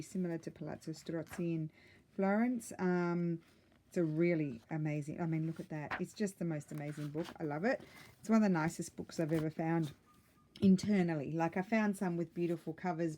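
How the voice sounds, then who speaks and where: Woman, low pitch, mellow, casual vlog chat, excited rambling, lots of ums, slightly breathless. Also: a little hiss or hum. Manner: excited, rambling, many ums and self-corrections. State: a little out of breath. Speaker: craft vlogger. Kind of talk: casual chatty flip-through.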